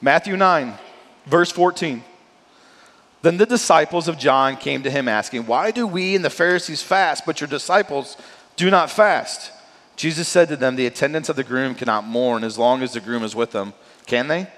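A male pastor preaching a sermon in a lively, conversational way, often checking in with "right?". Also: on the high side, normal speed. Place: church sanctuary. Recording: long church hall reverb.

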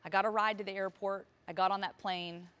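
A woman's voice: medium pitch, steady tone, brisk, a bit bright, smooth, muffled recording. A woman in her thirties, a motivational speaker, telling a personal story on stage with vivid, emotional delivery and acted-out dialogue. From Virginia, US.

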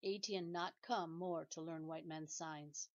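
A woman reading a storybook voices a solemn, dignified old man who speaks slowly and quietly. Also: low-pitched, fairly even intonation. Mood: matter-of-fact. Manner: slow, grave and quiet. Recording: dull lo-fi recording.

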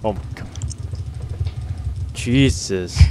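A young man co-hosting a casual gaming commentary, excitable and swearing, bursting into shouts. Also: fairly low pitch, drawn-out words, heavy background noise. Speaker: gaming channel co-host.

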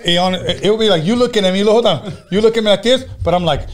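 A man's voice: sits high, quick pace. Rambling, joking male podcast host. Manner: loose, profane and joking, tells stories with many restarts. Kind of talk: casual chat.

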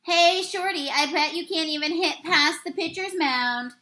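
A woman's voice: very high voice, measured pace, pushed and bright, voice pushed up, exaggerated voice. Woman doing a jeering male baseball heckler. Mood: taunting. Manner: jeering, raised voice.

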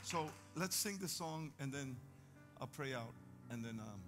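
A man preaching a sermon to his church, telling a story in an animated way and acting out the voices in it. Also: mid-range voice, a little slow, over music. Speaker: pastor.

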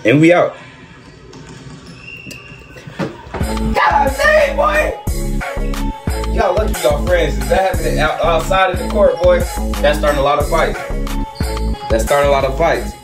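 A man doing excited reaction commentary over a basketball video, repeating himself and talking in slang. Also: on the high side, fairly quick, over music. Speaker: reaction streamer.

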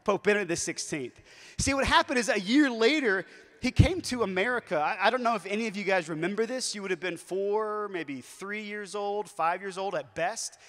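Man, conference speaker, high voice, lively storytelling, long reverb of a big hall. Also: normal speed. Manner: lively storytelling with shifting emphasis. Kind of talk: youth conference talk.

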